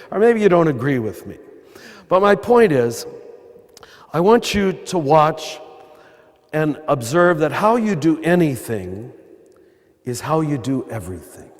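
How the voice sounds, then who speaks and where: A man's voice: on the high side, very animated, a little slow. An older man with an American accent and a throaty voice, giving a conversational spiritual talk with wry asides as a priest. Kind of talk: spiritual talk to a live audience. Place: large cathedral. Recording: long cathedral reverb.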